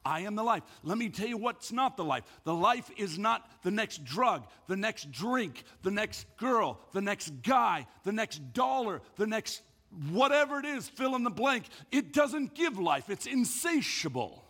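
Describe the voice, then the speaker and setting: A man's voice: sits high, very animated, unhurried, fairly bright tone. A man preaching a sermon as pastor, emphatic, often repeating words as he builds a point. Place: church hall. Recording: echoey hall.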